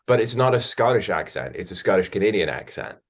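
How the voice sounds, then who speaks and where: An American man from Alaska, an actor, chatting as a podcast guest and telling animated stories. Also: lowish voice, fairly quick. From Alaska, USA. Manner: animated storyteller, jumps into quoted voices. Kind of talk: casual interview chat.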